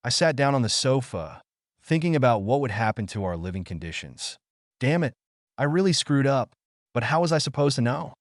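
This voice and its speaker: A man narrating a first-person story in an expressive, dramatic way. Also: medium pitch, a little fast, dry recording, studio quality.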